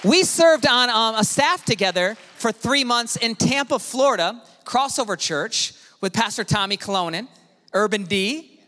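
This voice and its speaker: A man preaching a sermon as pastor, animated, swinging from hushed to shouting. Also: very high voice, moderate pace. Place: church auditorium. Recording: reverberant hall with music behind.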